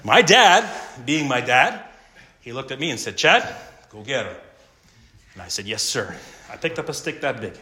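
A middle-aged man preaching a sermon, telling a story and moving between loud bursts and hushed asides. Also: mid-range voice, big pitch swings, normal speed. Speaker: pastor.

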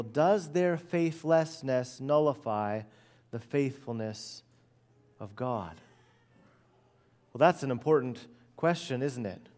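A middle-aged pastor preaches an expository sermon earnestly and emphatically. He often lets his phrases fall soft and low at their ends.

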